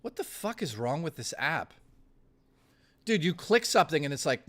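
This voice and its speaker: A man's voice: on the high side, big pitch swings, normal speed, long pauses, a bit bright. A man streaming live, chatting casually with his viewers in a blustery, profane rant. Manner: profane, blustery ranting to chat.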